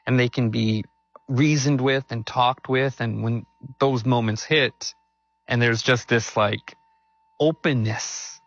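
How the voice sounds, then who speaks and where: A man hosts a church event and warmly affirms what his guest says, with a pastoral manner. His voice is husky and sits at a middle pitch. The sound is dry and muffled. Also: fairly even intonation, takes it slowly, no echo. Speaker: host.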